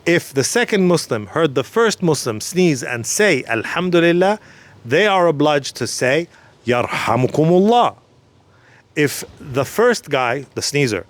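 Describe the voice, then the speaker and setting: A man teaching a short religious lesson, calm and patient, who repeats each phrase again more slowly so the listener can follow. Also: fairly high pitch, no echo.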